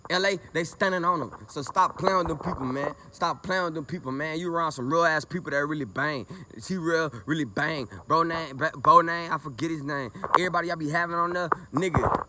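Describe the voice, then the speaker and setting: A man's voice: a little high, noisy background. A man from Lake Charles, angry and confrontational, ranting profanely to camera. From Lake Charles, Louisiana, US. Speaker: vlogger. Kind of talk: heated rant to camera.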